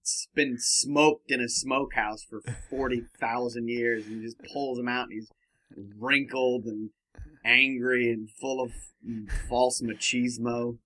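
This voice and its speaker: A man's voice: mid-range voice, flat delivery, unhurried, bright, forceful tone. A man co-hosting a casual podcast chat, riffing with playful exaggeration. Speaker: podcast co-host.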